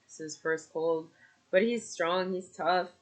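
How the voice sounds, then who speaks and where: A woman's voice: on the low side, slow. A young adult woman, a mother, venting casually in a personal vlog, frustrated and rambling with fillers. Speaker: vlogger and mother.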